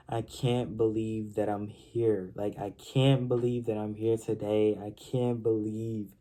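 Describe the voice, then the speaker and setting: A man's voice: lowish voice, flat delivery, unhurried, hardly any pauses, warm tone. A young man telling his own life story in an earnest, personal monologue, often repeating phrases and restarting his sentences.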